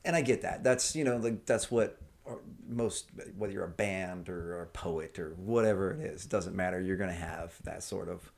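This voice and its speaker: A man's voice: sits low, normal speed, few pauses. A man from Georgia, a guest comedian, chatting casually on a podcast in a rambling way. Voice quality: gravelly. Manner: rambling, conversational, hedging with fillers.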